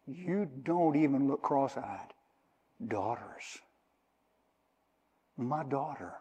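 An older male preacher delivers a sermon with emphatic, drawn-out phrasing, unpacking Greek words as he goes. His voice sits a little high for a man and carries the long reverb of a church sanctuary. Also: a little mellow, breathy edge.

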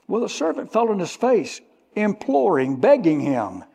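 A fairly high-voiced man preaching at an unhurried, deliberate pace. He leans hard on single words, then sinks to a near whisper. His voice rings out with a long hall reverb. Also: very animated, creaky. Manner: slow, emphatic, tells listeners to underline words; swings from loud stress to hushed drops. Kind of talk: sermon.

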